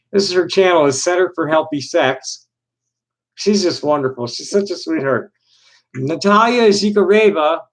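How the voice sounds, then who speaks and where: Halting man rambling on a livestream. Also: on the high side, low-quality recording. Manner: halting, with many restarts and repeated words. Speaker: livestream host and busker. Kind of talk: rambling casual chat.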